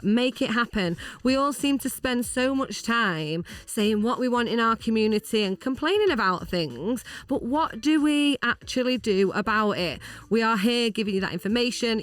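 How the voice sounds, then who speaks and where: A woman's voice: a little high, lively intonation, normal speed, few pauses, a bit bright, smooth, no room sound. Bubbly woman radio host. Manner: bubbly, enthusiastic. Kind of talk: casual radio chat. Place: radio studio.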